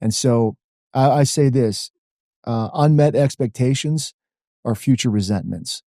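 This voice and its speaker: A man in his forties from the Washington D.C. area talks through his past as a podcast guest, animated and casual, leaning on "man" and "like." His voice is warm and mellow. The sound is dry and close, with no room around it. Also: mid-range voice, unhurried, dry recording. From Washington D.C. area, USA. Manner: animated, uses "man" and "like" a lot. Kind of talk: conversational storytelling.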